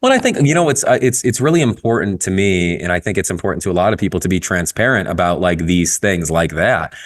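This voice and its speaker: A man talking candidly in a casual podcast conversation, telling stories with frequent swearing and lively shifts in tone. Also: low voice, quick pace. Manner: candid, profane, storytelling, lively. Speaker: guest photographer.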